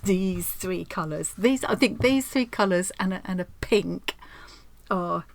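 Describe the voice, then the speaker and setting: A woman's voice: on the low side, measured pace, creaky, slight background noise. A woman chatting at home in a craft vlog, rambling and effusive, often restarting her sentences. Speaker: craft vlogger. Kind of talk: casual chat while opening post.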